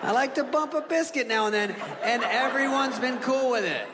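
Man doing a shameless old-school uncle, boastful, high and stretched-out, crowd laughter behind. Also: expressive, normal speed, background noise. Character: brash older male uncle who gropes people. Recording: reverberant club hall with audience.

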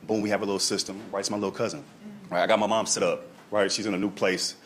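A young man, a comedian, telling a long story in casual chat, animated and peppered with "right?" and "dog". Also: on the low side, fast, slight background noise. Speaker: stand-up comedian.

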